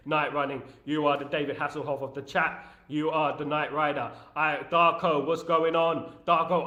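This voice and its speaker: A man hosts a casual live stream, ranting with passion and breaking off to greet viewers in the chat. His voice sits a little high. The room gives it a roomy echo. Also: sharp tone. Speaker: host of a fan live stream.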